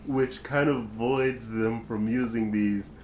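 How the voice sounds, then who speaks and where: A man's voice: mid-range voice, steady tone, slow, a little mellow, echoey room, slight background noise, poor audio. A man co-hosting a casual podcast chat, musing loosely with plenty of fillers. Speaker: podcast co-host.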